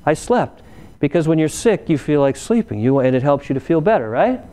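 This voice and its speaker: A man's voice: fairly high pitch, big pitch swings, fairly quick, warm tone. A man preaching a sermon in a conversational way, often tossing questions to the congregation. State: recovering from illness.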